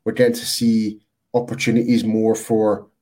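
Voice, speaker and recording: A man's voice: on the low side, completely flat delivery, normal speed, warm tone. A man co-hosting a casual sports podcast, rambling and restarting his thoughts as he goes. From United Kingdom. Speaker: podcast co-host.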